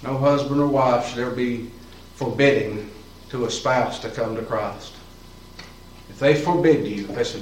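A man's voice: medium pitch, moderate pace, long pauses, slight background noise. A man preaching a sermon in a church, in a folksy, fervent style with plain colloquial talk. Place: church sanctuary. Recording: roomy echo, voice from far off, faint ambience.

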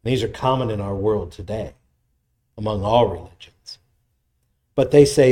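A man's voice: lowish voice, measured pace, warm tone. A man preaching an expository sermon in a conversational way, retelling scripture in everyday voices.

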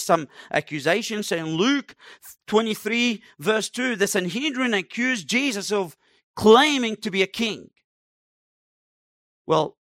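High-voiced male preacher, dry sound. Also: a bit bright, dry recording. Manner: emphatic, dramatic preaching with acted-out quotes. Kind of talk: sermon.

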